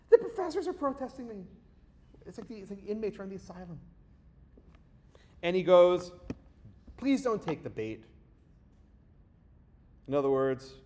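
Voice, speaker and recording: A man giving a lecture, telling a story with sarcasm and acting out the people he quotes. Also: high-pitched. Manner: animated, sarcastic, acts out quoted voices. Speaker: guest lecturer. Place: lecture hall.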